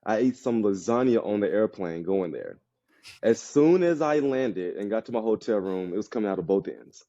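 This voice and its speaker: A man's voice: fairly low pitch, expressive, normal speed, mellow, dull audio. A man who played pro football, telling stories bluntly as a podcast guest in casual chat. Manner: loose storytelling, blunt.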